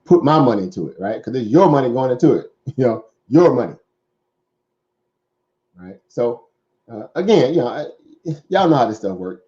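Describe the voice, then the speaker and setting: With a warm, sing-song, mid-range voice at normal speed and long pauses, a Southern-accented stock market show host chats casually over dull audio. He rambles, using plenty of fillers and "right?" asides.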